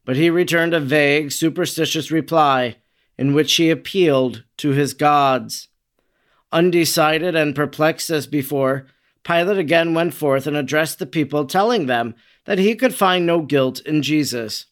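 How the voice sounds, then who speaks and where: Man reading a solemn devotional narrative. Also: unhurried. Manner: solemn, dramatic, quotes voiced with raised pitch. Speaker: reader.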